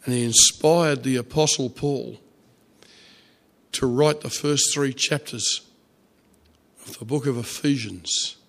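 A man preaching a sermon, telling a story softly with fillers and restarts. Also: mid-range voice. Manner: storytelling, soft and halting with fillers.

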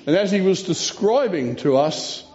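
A man preaching a sermon in an earnest, storytelling way. He reads scripture aloud and often pauses and restarts. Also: high voice, animated, darkish tone. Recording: dull lo-fi recording.

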